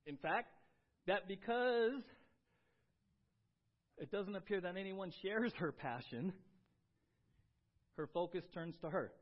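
A male pastor preaching a sermon, animated and emphatic, often restarting his phrases. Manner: animated, rising to emphatic highs, with repeated restarts. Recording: dull lo-fi sound.

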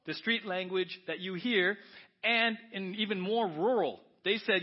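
Husky-voiced pastor preaching animatedly. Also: male voice, sits high, measured pace, highs cut off. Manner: animated, swings from soft to loud exclamations. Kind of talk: sermon.

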